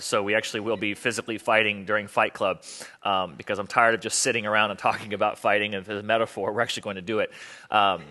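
A man's voice: lowish voice, sharp tone. A man preaching a sermon as pastor, talking conversationally and joking with the congregation.

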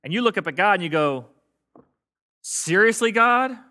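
A man's voice: fairly high pitch, expressive, rapid-fire, bright, forceful tone. A man preaching a sermon in a casual, joking way, getting his congregation to call out responses. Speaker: pastor. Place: church sanctuary with congregation.

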